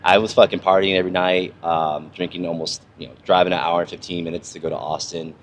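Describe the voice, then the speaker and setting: A young man with a very low voice, swearing freely and rambling through stories in a casual podcast chat. His talk is loose, full of fillers and restarts, over a faint ambient hiss. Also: little pitch movement, quick pace. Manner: profane, rambling storyteller. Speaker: podcast host, army veteran. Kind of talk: casual conversation.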